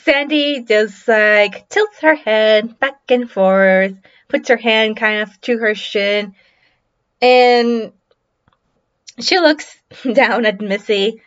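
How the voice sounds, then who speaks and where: A woman player narrating her character's actions in a halting, giggly way. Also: on the high side, fairly bright tone. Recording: dull lo-fi mic.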